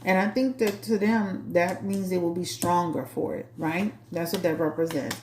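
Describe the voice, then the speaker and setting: A woman's voice: on the low side, normal speed, roomy sound, a little hiss or hum. A woman with a New Orleans accent, a tarot reader hosting her channel, chatting bluntly and sassily to a live chat. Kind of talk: casual talk to a live chat.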